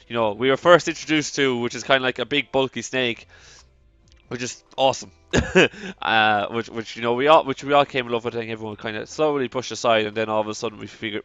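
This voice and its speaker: A man's voice: mid-range voice, pushed and bright, clear, resonant tone, no echo, lo-fi sound. A man with an Irish accent hosting a let's play, chatty, rambling and self-deprecating as he comments on the game. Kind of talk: casual gameplay commentary.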